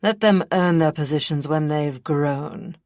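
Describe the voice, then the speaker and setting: A gruff, scheming old prince with a deep, low voice, as a woman narrator puts him on. He talks to his daughter with sly, calculating authority, dry and close to the mic in an audiobook reading. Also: unhurried, no room sound. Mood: cunning. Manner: gruff, cunning. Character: scheming older male High Prince villain.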